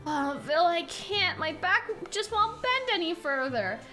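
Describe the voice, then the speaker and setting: A woman's voice: extremely high pitch, big pitch swings, unhurried, bright, forceful tone, faint music behind, exaggerated voice. A woman voicing a flustered young man, speaking in a whiny, complaining way.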